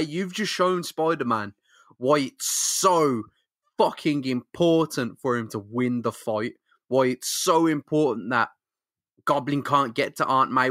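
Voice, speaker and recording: A man chatting about a comic, pressing his points hard with swearing and quick laughs. His voice is bright and forceful, mid-pitched, with no room sound around it. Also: no room sound, studio quality. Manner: emphatic, swears, laughs along. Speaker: podcast co-host. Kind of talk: casual comic-book recap chat.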